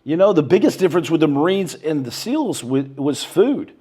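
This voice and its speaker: A man's voice: on the high side, moderate pace, breathy edge. Laid-back man telling stories. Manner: animated, acts out quotes in a raised voice; laid-back, says bro and man a lot. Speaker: podcast guest. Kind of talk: casual storytelling interview.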